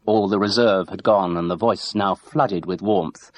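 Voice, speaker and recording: A man narrating an audiobook with steady, expressive storytelling. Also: low voice, unhurried, few pauses. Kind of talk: scripted narration.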